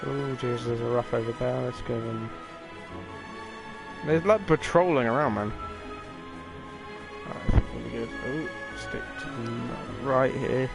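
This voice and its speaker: Sweary young gaming streamer. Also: male voice, mid-range voice, unhurried, vocal fry, long pauses, low-quality recording. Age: young adult. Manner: sweary, offhand, chatty. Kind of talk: casual let's-play commentary. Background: game music.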